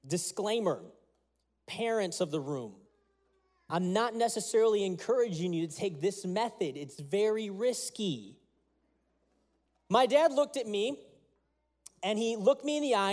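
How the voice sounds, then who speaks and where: A man's voice: sits high, animated, measured pace, pauses often, a little mellow. A man, a pastor, preaching a sermon with earnest prayer and storytelling.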